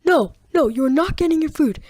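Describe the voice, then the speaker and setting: A man's voice: extremely high pitch, expressive, normal speed, a little mellow, no echo, voice pushed up. A boy putting on an indignant, petty schoolteacher. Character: stern tall male schoolteacher, indignant and petty.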